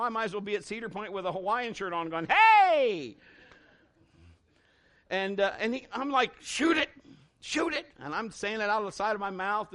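A high-voiced middle-aged pastor tells a folksy story from the pulpit. The sermon is animated, with plenty of false starts and acted-out dialogue.

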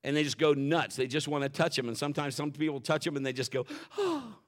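A middle-aged man preaching a sermon in a folksy, animated way, acting out quotes and dropping to a whisper for emphasis. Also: mid-range voice, fast. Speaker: pastor.

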